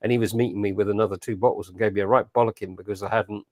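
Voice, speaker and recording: A man's voice: fairly low pitch, rapid-fire, no room sound, studio quality. A man co-hosting a casual podcast chat, talking bluntly and acting out what other people said. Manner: blunt and animated, acting out quoted voices. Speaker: podcast co-host.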